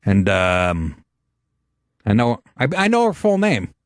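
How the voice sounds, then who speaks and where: A middle-aged man hosting a podcast, telling stories in a brash, profane, animated way. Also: fairly low pitch, slow, no echo, studio quality. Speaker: podcast host, comedian. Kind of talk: casual podcast chat.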